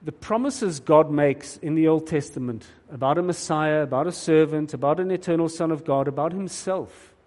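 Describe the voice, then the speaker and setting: A man's voice: on the high side, a little mellow. A man preaching a sermon in an earnest, emphatic way, often repeating words as he starts a thought. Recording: long hall reverb.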